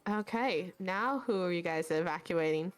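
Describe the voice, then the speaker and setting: Quick, animated woman game master. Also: on the low side. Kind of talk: narrating a tabletop game.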